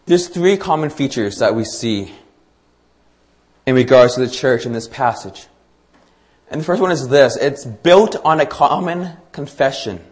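A man's voice: medium pitch, animated, measured pace. A man preaching a sermon to his congregation, talking in a conversational way with fillers and small restarts. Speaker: pastor.

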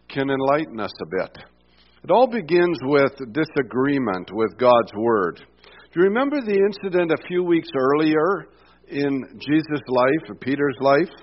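A man's voice: mid-range voice, lo-fi sound. A man preaching a sermon in a conversational way, stepping from scripture into personal asides. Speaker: pastor.

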